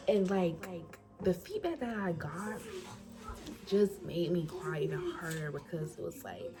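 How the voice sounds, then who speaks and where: Young woman, storytime vlog, colloquial and animated, acts out quotes, music under her voice. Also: lowish voice, unhurried. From Florida, US. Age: young adult. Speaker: incoming college student. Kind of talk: casual storytime. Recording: music playing behind voice.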